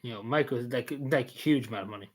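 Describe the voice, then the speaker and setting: A man's voice: medium pitch, fast talker. A man, casually recapping an event he attended, rambling and repeating himself with many fillers. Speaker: vlogger.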